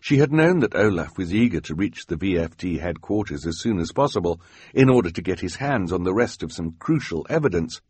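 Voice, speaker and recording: Wry deep-voiced male narrator. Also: darkish tone, husky, dry recording. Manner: dry, wry storytelling. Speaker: audiobook narrator. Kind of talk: scripted narration. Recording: dry studio voice-over.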